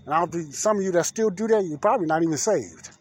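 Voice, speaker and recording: A man, hosting a casual political talk podcast outdoors at night, folksy and preachy, often clearing his throat. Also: high-pitched, animated, fast, slight background noise. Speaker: podcast host. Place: outdoors in the dark.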